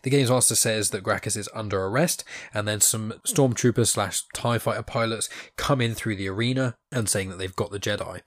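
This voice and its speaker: A man with a rather low voice hosts a podcast and retells a story in a loose, chatty way. He keeps leaning on fillers and trails on from one event to the next. The sound is dry and close. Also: no room sound. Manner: rambling retelling with fillers like "and things" and "basically". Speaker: podcast host. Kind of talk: casual comic recap.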